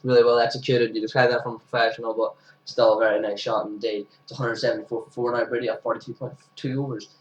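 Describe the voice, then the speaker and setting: A young amateur commentator for his own cricket club talks fast through highlights in a chatty, casual style, erupting into excited shouts at big moments. His ordinary-pitched voice sounds sniffly, like hay fever. He's far from the mic in a roomy, echoing space, and the audio is dull.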